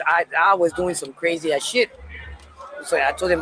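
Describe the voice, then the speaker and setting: A man casually telling a personal story in a candid, profane, animated way. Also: high-pitched, normal speed, slight background noise, low-quality recording.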